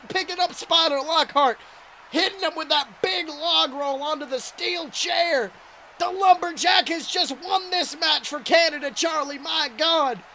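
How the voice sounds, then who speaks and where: A man voicing a crude, excitable wrestling announcer who calls the action in profane play-by-play. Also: extremely high pitch, slight background noise, full character voice. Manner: profane, excitable, shouts big moves. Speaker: wrestling commentator character. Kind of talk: comedic play-by-play commentary.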